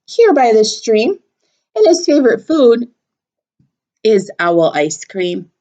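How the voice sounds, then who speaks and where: A woman's voice: on the high side, sing-song, slow pace, dark tone, lo-fi sound. A woman reading aloud and voicing a small, clever, boastful mouse. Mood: confident.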